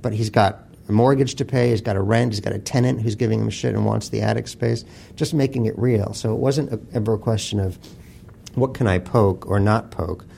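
Author guest, male, gravelly and mellow, blunt profane storyteller with a faint hum behind. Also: fairly low pitch, steady tone, a little fast. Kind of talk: casual interview talk.

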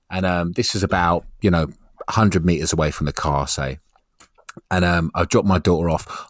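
A man in his thirties chatting casually as a podcast co-host, relaxed and swearing freely as he tells stories. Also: low voice, no room sound, studio quality. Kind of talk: casual chat.

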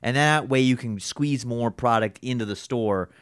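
A smooth, mid-range male voice at a moderate pace, with no echo. He's a young podcast co-host in a casual conversation about former jobs, rambling, cursing frequently, and making jokes at his own expense.

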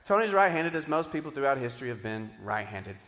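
Animated man preaching in a reverberant hall. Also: mid-range voice, fast. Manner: animated, swinging between loud emphatic bursts and quiet asides. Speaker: pastor. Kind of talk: sermon. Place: church auditorium.

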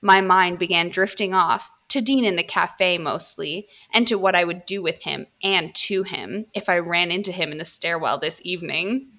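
A young woman reads a steamy story aloud for her podcast, her voice bright and crisp in tone. She is giggly and playful, ready to stop mid-line and laugh at the text. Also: on the low side, moderate pace, few pauses.

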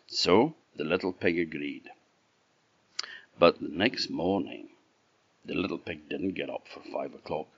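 A man with an Orkney Scottish accent telling a folk tale in a lively, expressive way. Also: a bass voice, unhurried, creaky, pauses often, husky, dry recording. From Orkney, Scotland. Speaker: storyteller. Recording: dull dry lo-fi recording.

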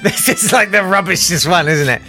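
A man's voice: sits high, moderate pace, bright, forceful tone, faint music behind. A man hosting a radio show, rambling through comedic chat with lots of ums, tangents and self-amused asides. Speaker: radio host.

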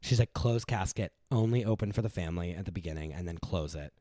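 A man from the United States in casual chat, rambling with lots of fillers and lively impressions of his mother. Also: sits low, fast, dry recording, clean studio sound. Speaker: guest.

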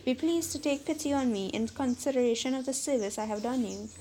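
A woman's voice: high-pitched, brisk, dark tone, slight background noise, close to an everyday voice. A woman reading as a poor old fisherman. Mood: pleading. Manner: pleading.

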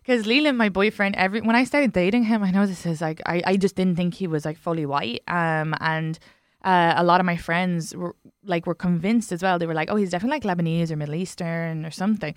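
A woman's voice: fairly low pitch, steady tone, dry recording, studio quality. A young woman hosting a podcast, rambling through stories in casual chat and breaking off to laugh. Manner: rambling, self-interrupting, quick to laugh. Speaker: podcast host.

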